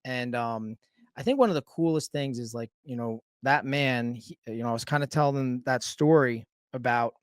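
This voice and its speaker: A man's voice: medium pitch, moderate pace, smooth, no room sound, clean studio sound. A man in a conversation telling his own recovery story in a rambling, candid and casual way, with the odd swear word. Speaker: sobriety coach and guest storyteller.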